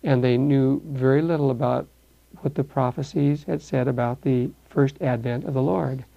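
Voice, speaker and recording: An older man teaching verse by verse through a Bible passage, animated and acting out the voices in the story. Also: mid-range voice, moderate pace, creaky, muffled recording. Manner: animated, acts out voices, repeats words.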